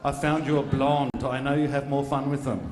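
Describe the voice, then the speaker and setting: A man's voice: mid-range voice, level tone, fairly quick, a crowd in the background. A man hosting a live event, teasing and bantering with guests and audience. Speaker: event host. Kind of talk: emceeing a live audience show. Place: event function room. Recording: echoey event hall.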